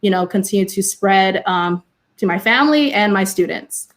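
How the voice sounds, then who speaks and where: A woman's voice: medium pitch, animated, moderate pace. A young adult woman from California, a teacher, speaking on a panel and sharing personal experiences earnestly and passionately, often saying "you know".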